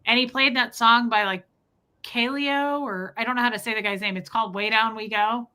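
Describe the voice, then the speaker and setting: A young woman co-hosting a casual livestream chat, telling stories with gushing, animated energy. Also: on the high side, moderate pace, low-quality recording. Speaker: co-host.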